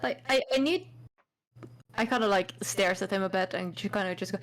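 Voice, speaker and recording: A woman playing a tabletop game, softly and hesitantly describing her character's actions. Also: medium pitch, brisk, rough recording. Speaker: player.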